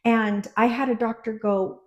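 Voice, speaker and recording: A woman's voice: a little high, measured pace, muffled recording. A woman midwife chatting as an interview guest in a medium voice. She tells stories with energy and brief impressions, and her tone rises and falls expressively. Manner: animated storyteller, acting out quotes. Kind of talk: casual interview chat.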